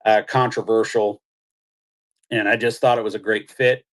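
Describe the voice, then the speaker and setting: A middle-aged man from Missouri, a country singer guesting on an interview show, telling anecdotes in a lively, casual way. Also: fairly low pitch, normal speed. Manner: animated anecdote-telling, acts out quotes, laughs.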